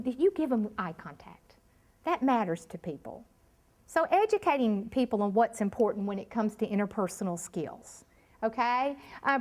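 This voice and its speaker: A woman leading a live training workshop, talking emphatically and addressing the room directly. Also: on the high side.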